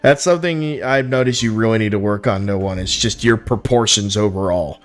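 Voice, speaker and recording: A man's voice: fairly low pitch, brisk, soft background music. A young man streaming, giving frank, profane, easily amused commentary on viewers' builds. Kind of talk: casual live-stream commentary.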